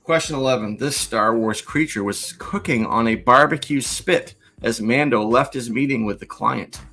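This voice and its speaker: A man hosting the trivia as a guest quizmaster, reading questions out slowly and deadpan. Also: mid-range voice, slightly rough.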